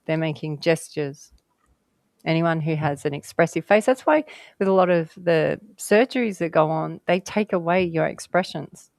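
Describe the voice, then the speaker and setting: A woman's voice: deep voice, darkish tone, no echo. A woman guest telling stories in casual conversation, chatty and rambling, laughing often.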